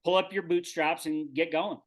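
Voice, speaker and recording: Reflective middle-aged man, slightly high voice. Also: steady tone, moderate pace. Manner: reflective, rambling with restarts. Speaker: podcast co-host. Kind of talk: casual group discussion.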